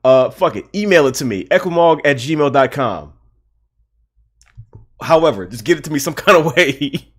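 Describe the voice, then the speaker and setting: A male livestream host with a fairly high, bright voice and lively intonation talks at a moderate pace with frequent pauses. Casual and fired up, he rants heatedly, repeats lines for emphasis, laughs, and swears a lot.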